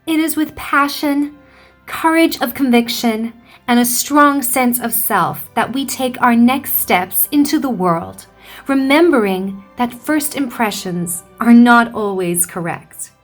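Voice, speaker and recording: A woman playing an earnest speaker addressing the next steps in a measured way. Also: a little high, faint music behind.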